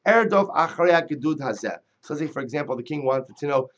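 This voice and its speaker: A man's voice: on the high side, animated, fairly quick, few pauses, muffled recording. A man teaching a Talmud lesson, reading the Hebrew and Aramaic text aloud and then explaining it in plain English. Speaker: Torah teacher. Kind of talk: Talmud class lecture.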